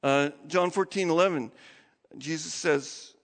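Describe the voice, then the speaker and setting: A man preaching a sermon in a conversational way, acting out the quotes he tells. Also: a little slow. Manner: conversational, acts out quotes with big pitch jumps. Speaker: pastor. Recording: reverberant hall.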